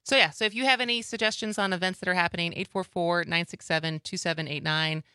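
A woman co-hosting a casual talk show, lively and quick to laugh. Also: on the low side, clear, resonant tone, no echo. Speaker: co-host. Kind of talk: casual chat.

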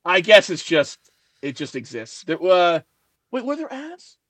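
A man's voice: high voice, very animated, unhurried, a bit bright, no echo. A man being interviewed as a guest writer, rambling with many fillers and laughing at himself.

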